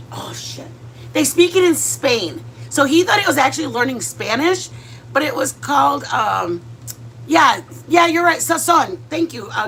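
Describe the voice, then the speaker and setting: A woman's voice: high voice, a bit bright, slight background noise. A woman hosting a home cooking vlog, chatting casually in a rambling way with lots of fillers and restarts and dropping in Spanish words. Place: home kitchen.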